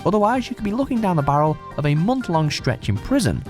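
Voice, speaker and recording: Man, scripted countdown narration, very lively pitch swings, faint music behind. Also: fast. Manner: wry, sardonic, dry. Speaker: list video narrator.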